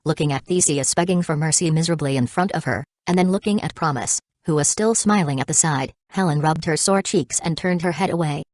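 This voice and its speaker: A woman narrates a novel in a steady, even reading. Her voice is low, and the recording is close and dry with no room sound. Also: fairly quick, hardly any pauses, no room sound. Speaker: audiobook narrator. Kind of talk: audiobook narration.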